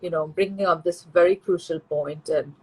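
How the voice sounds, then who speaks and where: Woman host, husky voice, measured and chatty, many fillers. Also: on the low side, fairly even intonation, rough recording. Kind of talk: casual interview conversation.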